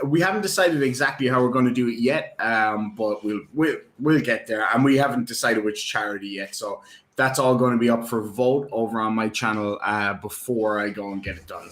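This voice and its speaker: A man's voice: on the low side, a bit bright. A man in casual live-stream chat, rambling and joking with lots of ums and uhs. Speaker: guest. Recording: roomy echo.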